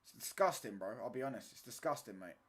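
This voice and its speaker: A man's voice: mid-range voice, animated, fast, a bit bright, husky. A young man, chatting casually through a football watchalong stream in slangy banter, ending lines with "mate" and "bro".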